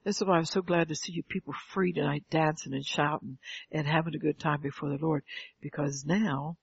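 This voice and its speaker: Older woman preacher, fervent sermon delivery, gravelly and husky, heard on a dull lo-fi recording. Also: sits low, steady tone, fairly quick, no room sound. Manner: fervent, calls out "Amen" and rhetorical questions. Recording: dull lo-fi, dry sound.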